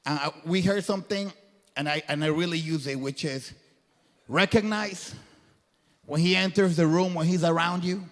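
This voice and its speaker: A man's voice: on the high side, normal speed. A man giving a guest talk to a live crowd, speaking in an earnest, preacher-like way with a colloquial turn of phrase. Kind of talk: motivational faith talk. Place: event hall before a crowd. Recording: long hall reverb.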